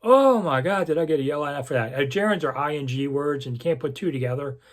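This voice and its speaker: A man's voice: on the high side, animated, quick pace. A man in his sixties, a longtime sports columnist, reminiscing to camera in a casual, rambling way with lots of asides. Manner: rambling storyteller with frequent asides and self-corrections. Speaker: sports columnist hosting his own channel.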